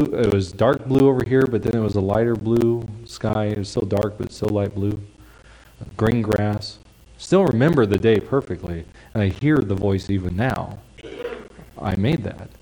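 A male preacher giving a sermon in a conversational, explanatory way, dropping into soft hushed tones for quiet phrases. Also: fairly low pitch, normal speed, low-quality recording. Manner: conversational, drops to a soft hush for quiet lines.

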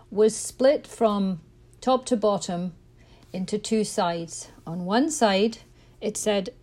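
A middle-aged woman hosting a parenting podcast, talking casually and telling stories, with a frog in her throat and the odd throat clear. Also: mid-range voice, dark tone. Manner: chatty, self-correcting, storytelling. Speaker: podcast host and parent coach.

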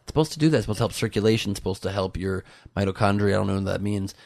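A man with a low, gravelly voice chatting as a podcast guest. He rambles through his stories and pokes fun at himself. The recording is close and dry. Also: rapid-fire, darkish tone, dry recording. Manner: rambling, self-mocking storytelling. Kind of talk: casual podcast chat.

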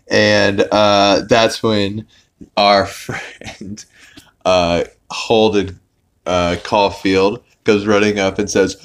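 A man's voice: fairly low pitch, level tone, slow pace. A man hosting a podcast, recapping an episode in a casual, rambling way with lots of filler words and some swearing. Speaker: podcast host.

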